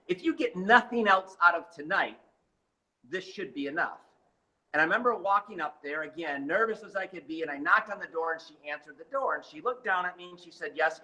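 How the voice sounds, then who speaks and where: In an interview, a man with a slightly high voice tells his life story as motivational storytelling, emphatic and dramatic, growing fired up and animated as he goes. The audio quality is poor.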